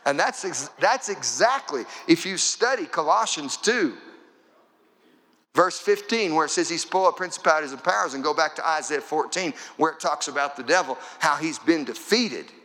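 A man preaching a sermon in a church, his slightly high voice bright and forceful. He drives his points home with rhythmic, repeated phrases. The sound rings with the long reverb of a large hall. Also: animated, normal speed. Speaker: pastor.

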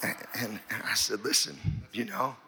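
A man's voice: mid-range voice, normal speed, gravelly, bright, forceful tone, slightly rough. A middle-aged man, a pastor, telling a long folksy story in a sermon, rambling and repeating his words.

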